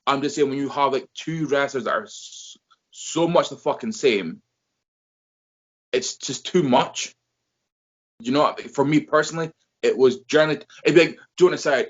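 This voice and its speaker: A man hosting a casual wrestling chat, rambling and swearing as he talks. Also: mid-range voice. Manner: profane, rambling, animated. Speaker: wrestling podcast host. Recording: dull lo-fi sound.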